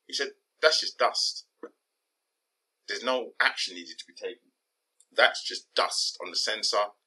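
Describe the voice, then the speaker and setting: A man's voice: on the low side, sharp tone, slightly rough, low-quality recording. A man, middle-aged, talking bluntly in a casual podcast monologue and swearing for emphasis. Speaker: podcast host.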